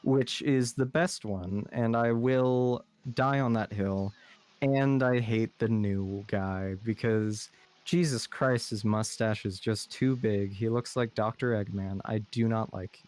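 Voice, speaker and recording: A man's voice: on the low side, steady tone, slow pace, a little mellow. Chatty young man with a slight lisp. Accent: General American. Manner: rambling, lots of fillers. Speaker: podcast co-host. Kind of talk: casual chat.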